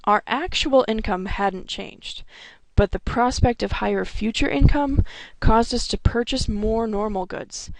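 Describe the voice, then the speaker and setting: A woman, explaining economics concepts in a recorded lecture, clear and methodical with occasional restarts. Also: on the high side, a little slow, hardly any pauses, no room sound. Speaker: economics instructor.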